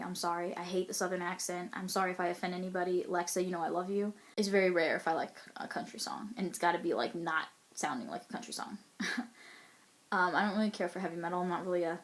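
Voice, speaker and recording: Chatty young woman, candid and giggly. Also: on the low side. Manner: chatty and candid, lots of ums and little laughs. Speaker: role-player answering a profile questionnaire. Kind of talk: casual to-camera chat.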